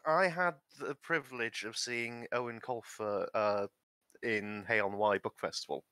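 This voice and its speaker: A man's voice: on the low side, measured pace, bright, forceful tone, clear, resonant tone, no room sound. A man telling a funny anecdote in casual chat, often stammering on restarts. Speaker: tabletop game player on a stream panel.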